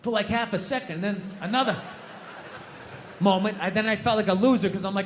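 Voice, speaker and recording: A man's voice: high-pitched, fairly quick, long pauses. A middle-aged man performing stand-up comedy, swearing a lot and acting out his own outbursts. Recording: reverberant hall, faint noise.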